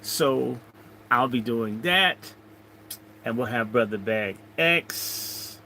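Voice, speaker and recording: Slow, bright-voiced man hosting a livestream. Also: mid-range voice, expressive, a little hiss or hum, rough recording. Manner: rambling, jokey, chatting to viewers. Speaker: livestream host. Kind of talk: casual livestream chat, reading comments.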